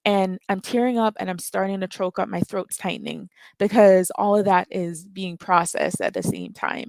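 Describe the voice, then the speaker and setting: A woman's voice: medium pitch, gravelly, dry recording. Earnest, emotional woman caller, dry sound. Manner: earnest and emotional, repeats words when stirred. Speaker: caller in a live audio chat. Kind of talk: impassioned call-in talk.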